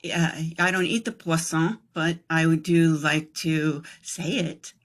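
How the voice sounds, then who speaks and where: A woman's voice: low-pitched, steady tone, unhurried. A middle-aged woman hosting a casual chat, joking and laughing easily. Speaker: host.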